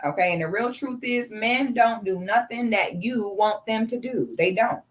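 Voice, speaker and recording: A woman in her thirties giving blunt, profane, sarcastic commentary on a live stream. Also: fairly high pitch. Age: 30s.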